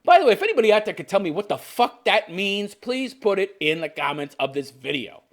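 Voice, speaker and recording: Sarcastic, lively-voiced man in his fifties. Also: high-pitched, a little fast. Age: 50s. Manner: mocking, sarcastic, profane, laughs often. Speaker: commentary show host. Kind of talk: ranting video commentary.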